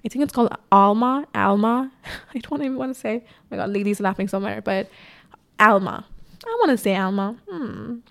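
A woman's voice: medium pitch, animated, fast, creaky. Chatty young woman vlogging candidly. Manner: chatty, candid, swears casually. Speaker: YouTuber. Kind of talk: casual sit-down vlog. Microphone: camera on tripod in front of her.

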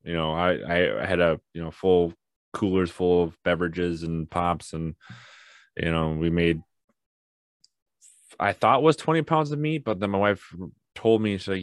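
A young man co-hosting a podcast in casual chat, telling family stories with animation and acting out his toddler in high voices. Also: unhurried, dry recording, studio quality. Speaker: podcast co-host.

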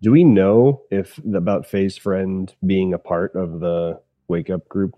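Very deep-voiced male player. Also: steady tone, slow pace. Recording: dull, muffled sound with faint music.

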